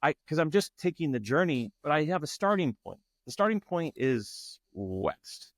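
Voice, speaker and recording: A man's voice: a little high, sing-song, moderate pace, dry recording, clean studio sound. A man speaking as a guest in an interview, earnest and searching, often restarting his phrases. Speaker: guest, tantra facilitator. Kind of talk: reflective interview talk.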